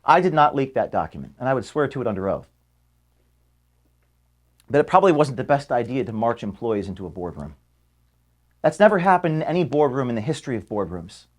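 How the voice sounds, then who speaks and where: A man recording an emotional statement to his staff from an office, earnest and close to tears, his voice sinking low and quiet at times. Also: big pitch swings, fairly quick, long pauses. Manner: earnest, voice dropping low and quiet when moved. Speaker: organization founder addressing staff.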